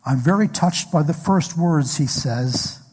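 Guy preaching a sermon, kinda high voice, long echo in a big hall. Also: a little slow, a little mellow, husky. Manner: storytelling, asks the congregation questions. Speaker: pastor. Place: church hall. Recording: echoey hall recording.

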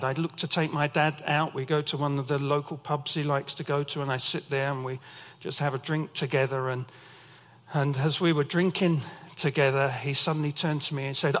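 A man's voice: a little high, fairly even intonation, moderate pace, a bit bright, in a large hall. A man preaching a sermon as pastor, telling personal stories as testimony. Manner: storytelling, emotional testimony.

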